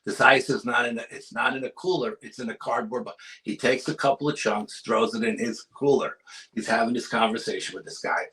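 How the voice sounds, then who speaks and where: A man with a bright, forceful tone and mid-range pitch tells an eerie story with urgency. He is a guest on a paranormal chat and drops his voice to a hush for the spooky parts. His delivery is lively and conversational. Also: a little fast, low-quality recording. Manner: urgent storyteller, drops to hushed tones for suspense. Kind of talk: animated storytelling in casual chat.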